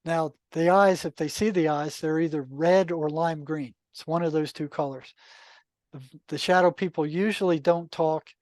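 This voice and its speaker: Older man telling stories in a higher voice. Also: normal speed, no room sound. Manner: relaxed, anecdotal, many asides and "you know". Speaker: podcast guest, retired psychotherapist. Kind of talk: casual storytelling.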